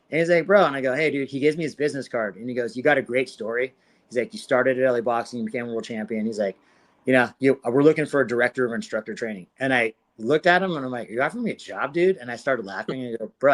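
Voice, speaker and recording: A man in his forties, a podcast guest and former fighter, telling his story in a casual interview with lots of swearing and acted-out quotes. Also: medium pitch. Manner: profane, animated retelling with quoted dialogue.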